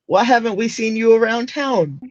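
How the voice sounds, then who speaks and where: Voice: mid-range voice, animated, normal speed, darkish tone, no echo, dull audio. A player in a tabletop game who speaks bluntly and asks pointed questions. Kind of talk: tabletop role-play.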